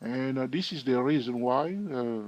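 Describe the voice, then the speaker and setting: A man's voice: mid-range voice, normal speed, darkish tone, no room sound. A man giving a screen-recorded chart tutorial in a chatty way, thinking aloud and asking his viewers questions. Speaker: trading educator.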